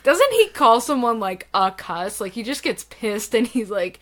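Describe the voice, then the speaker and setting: A woman co-hosting a podcast, chatting casually about films, animated and laughing, with many fillers. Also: on the high side, a little slow, hardly any pauses. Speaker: podcast co-host. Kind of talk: casual film discussion.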